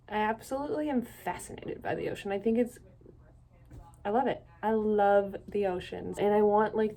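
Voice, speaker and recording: Young canadian woman rambling in a solo vlog, laughs at herself a lot, middle-pitched voice. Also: mellow. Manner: rambling, self-deprecating, laughs often. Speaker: vlogger.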